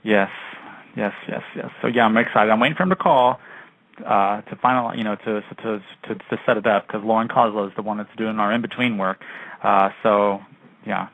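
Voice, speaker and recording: A man's voice: lowish voice, fairly even intonation, normal speed, no echo, narrow, tinny audio. A man co-hosting a casual chat radio show, talking in a gushing, rambling way. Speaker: co-host. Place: home studio, call-in radio show.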